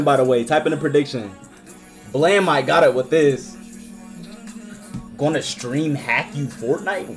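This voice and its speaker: A young man streaming live as he reacts to rap songs, excitable and slangy, repeating himself. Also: on the high side, measured pace, long pauses, faint music behind.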